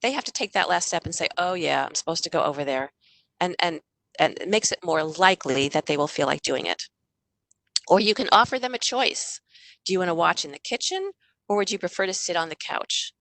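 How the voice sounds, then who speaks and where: A lowish-voiced middle-aged woman leads an online parenting talk in a loose, conversational way. She often slips into little acted lines for parents and children. The sound is close and dry, with no room around it. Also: animated, brisk, a bit bright, dry recording. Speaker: parenting author and workshop speaker.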